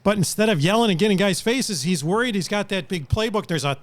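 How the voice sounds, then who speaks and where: A man's voice: high voice, lively intonation, fast talker. A man moderating a sports talk show, asking questions and steering the talk to the next segment. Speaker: co-host moderator.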